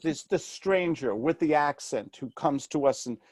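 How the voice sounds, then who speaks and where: A man's voice: a little high, lively intonation, moderate pace, darkish tone, dry recording, studio quality. A middle-aged man from New York City with a New York accent, a real estate mentor in an interview who asks himself questions and acts out what other people say. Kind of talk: animated interview talk.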